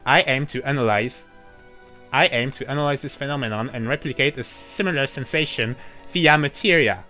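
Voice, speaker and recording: A man doing a monotone teenage robot boy. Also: medium pitch, moderate pace, soft background music, close to an everyday voice. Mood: flat. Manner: flat monotone reading.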